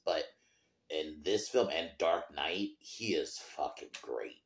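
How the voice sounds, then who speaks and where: A podcast host chats casually about a film, rambling with loose swearing and trailing restarts. His voice is a rumbling low and creaky, animated but slow, and the sound is reverberant.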